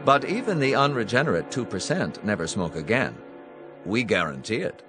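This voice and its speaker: A man's voice: fairly low pitch, big pitch swings, moderate pace, over music. A man voicing a smiling, menacing male clinic boss who speaks with false kindness. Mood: calm threat. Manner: falsely kind, sinister, genial.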